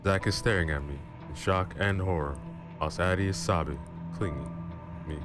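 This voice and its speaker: Very deep-voiced male storyteller. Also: measured pace, pauses often. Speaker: storyteller, channel host. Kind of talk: first-person story narration. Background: music.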